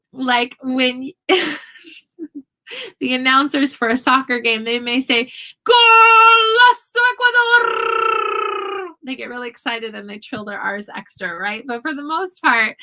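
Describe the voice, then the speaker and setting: Bright-voiced woman teaching Spanish phrases. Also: a little high, poor audio. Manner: chatty, explains slowly, switches between Spanish and English phrases. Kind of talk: casual language lesson. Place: home.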